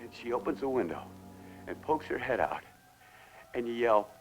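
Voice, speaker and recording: An actor playing an obsessed man in a 1960s television drama, swinging between whispers and shouts as he raves about money. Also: medium pitch, big pitch swings, moderate pace, soft background music. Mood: exalted.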